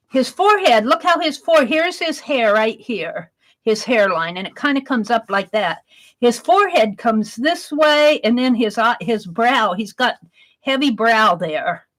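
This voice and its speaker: A woman's voice: fairly high pitch, fairly bright tone, rough recording. A woman chatting on a live art stream, talking through her sketch and reading viewers' comments aloud. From Wisconsin. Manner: chatty, reads chat aloud while sketching.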